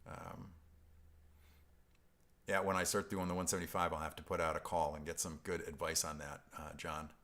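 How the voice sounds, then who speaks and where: Deep-voiced male host from upstate New York; loose, chuckling live-stream chatter that wanders off topic. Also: level tone, moderate pace, pauses often, a bit bright. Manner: rambling, self-interrupting, chuckling. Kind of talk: casual live-stream chat reading viewer comments.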